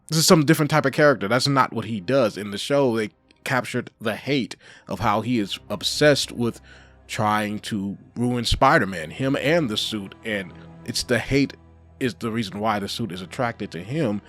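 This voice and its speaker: A man giving a casual spoken review of an animated show, animated and full of swearing. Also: lowish voice. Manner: animated, heavy swearing, frequent laughs.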